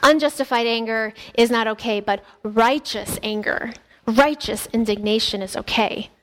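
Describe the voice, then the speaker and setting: A woman's voice: on the high side, moderate pace. A woman pastor preaching a sermon in an earnest, conversational way, often restarting her sentences.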